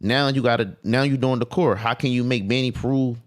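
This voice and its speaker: A man's voice: mid-range voice, brisk. A man talking as a guest on a podcast, casual and emphatic, with profane streetwise phrasing. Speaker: clothing designer guest.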